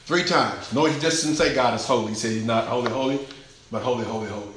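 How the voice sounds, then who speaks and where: A man preaching a sermon in a rhythmic, repetitive cadence, swinging from shouted exclamations to hushed near-whispers. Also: medium pitch, fast, a little hiss or hum. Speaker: pastor. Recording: echoey room.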